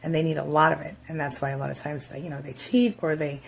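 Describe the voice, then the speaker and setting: A woman's voice: low voice, fairly even intonation, fast talker, gravelly. A woman talking frankly to camera, giving relationship advice and mockingly acting out quoted remarks. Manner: frank, conversational, acts out quoted voices mockingly. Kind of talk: casual advice talk to camera.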